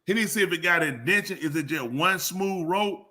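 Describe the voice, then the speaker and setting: Bright joking man, drawl. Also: high-pitched, normal speed. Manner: joking, teasing, loud playful outbursts. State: congested sinuses. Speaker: live show host. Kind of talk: casual live call-in banter.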